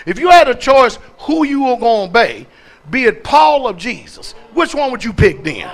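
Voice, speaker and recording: A man's voice: very high-pitched, sing-song, moderate pace. A man preaching a sermon as pastor, calling out questions to the congregation and repeating words for emphasis.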